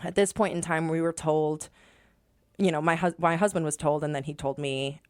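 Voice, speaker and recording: A young woman guest in a studio, recounting a hard personal story in an animated way and slipping into the voices of the people she quotes. Her voice sits fairly low for a woman, and the sound is close and dry with no room echo. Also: clear, resonant tone. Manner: animated, acts out remembered dialogue. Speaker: podcast guest.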